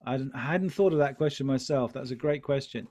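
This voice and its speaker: A man's voice: mid-range voice, fairly quick, a little mellow. A man teaching sales in a live question-and-answer session, encouraging and repeating his key phrases. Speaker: sales trainer. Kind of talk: live online Q&A lesson.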